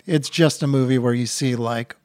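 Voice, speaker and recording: A man's voice: mid-range voice, steady tone, normal speed, a little mellow, dry recording, clean studio sound. A man co-hosting a podcast, chatting casually and jokily about movies. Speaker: podcast co-host.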